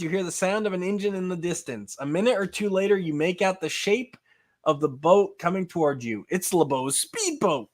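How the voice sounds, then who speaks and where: A man hosting a podcast, casually reading a choose-your-own-adventure book aloud. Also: high voice. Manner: casual, laughs between lines. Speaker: podcast host.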